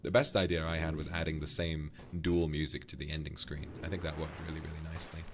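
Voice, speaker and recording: A man's voice: very deep voice, flat delivery, quick pace, soft background music. A man streaming, casually chatting and reading out viewer donations in a teasing, affectionate way.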